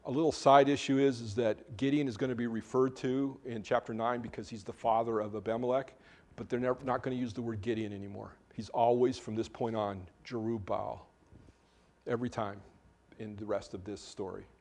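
Male pastor, mid-pitched, chatty sermon delivery, restarts mid-sentence, easy humor. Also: fairly even intonation, fairly quick, a little mellow. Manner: informal, self-correcting, joking asides. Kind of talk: conversational sermon.

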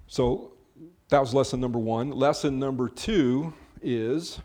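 A man's voice: medium pitch, mellow. Man preaching a conversational sermon. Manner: measured and conversational, addressing a small congregation. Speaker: pastor. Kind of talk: sermon on a Bible passage.

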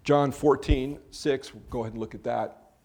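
A man in the middle of a sermon, speaking in a measured, conversational way to the people in front of him. His voice sits at an ordinary middle pitch. He teaches steadily and talks to the listeners directly. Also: fairly even intonation, mellow. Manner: measured and conversational, addressing a small congregation. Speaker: pastor. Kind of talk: sermon on a Bible passage.

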